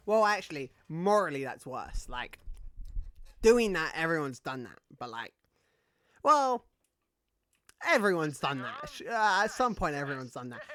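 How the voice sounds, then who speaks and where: A man's voice: fairly high pitch, sharp tone, no echo. A man streaming a video game, chatting casually in a rambling way, full of fillers and swearing. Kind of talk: casual gaming stream chat.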